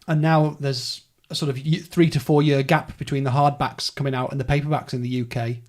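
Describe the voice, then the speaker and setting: A man's voice: medium pitch, little pitch movement, a little fast. A man hosting a casual podcast chat, rambling through details in a chatty way. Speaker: podcast host. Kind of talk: casual book-club chat.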